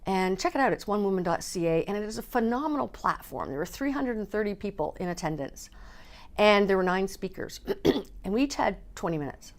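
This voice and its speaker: A woman from Canada speaks to camera in a personal vlog. She talks candidly and with feeling, swearing casually now and then. Her voice sits at an ordinary middle pitch. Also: lively intonation, a little fast. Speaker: speaker and coach.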